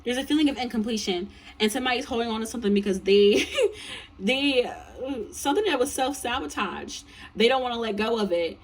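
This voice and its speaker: A woman's voice: fairly high pitch, expressive, brisk, hardly any pauses, far from the mic. A tired woman reads tarot in a loose, chatty way, swearing freely and circling back on her words. She sits a little back from the mic, and faint room noise hums underneath. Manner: blunt, profane, chatty with many fillers. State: tired, yawning. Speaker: tarot reader. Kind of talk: casual tarot reading.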